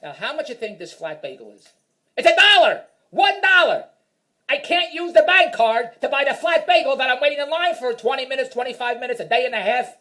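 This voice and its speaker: A man's voice: extremely high pitch, fairly bright tone. A man telling a rambling, self-mocking stand-up story in an exasperated rant. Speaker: stand-up comedian.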